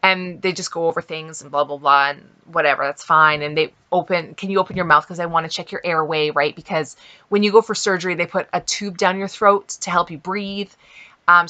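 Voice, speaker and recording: A woman's voice: low voice, pushed and bright. A middle-aged woman from Canada, chatting casually as a vlogger and telling a story with lots of fillers and quoted asides.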